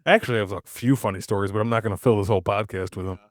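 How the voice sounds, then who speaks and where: A man's voice: fairly low pitch, rapid-fire, dry recording. A man co-hosting a podcast in casual chat, telling rambling stories, swearing freely and laughing between sentences. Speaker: podcast co-host.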